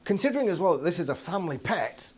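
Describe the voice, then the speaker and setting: A man's voice: sits high, very animated, quick pace, darkish tone, husky. A British man giving a casual, sarcastic book review from his living room, swearing freely and laughing often.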